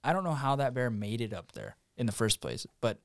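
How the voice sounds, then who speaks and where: A man's voice: mid-range voice, big pitch swings, a little fast, gravelly, no echo. Guy on a podcast rambling through a hunt story, lots of uh and whatnot, dry close mic. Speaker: podcast guest. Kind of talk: casual storytelling.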